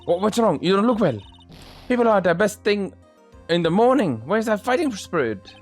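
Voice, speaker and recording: Peppy young policewoman from a game, eager and loud, voiced by a man raising his pitch. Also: big pitch swings, normal speed, faint music behind, full character voice. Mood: cheery.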